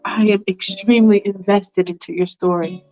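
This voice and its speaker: A woman voicing a supportive church pastor who speaks calmly and reassuringly. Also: medium pitch, normal speed, voice pushed down, lightly acted. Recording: dull lo-fi recording.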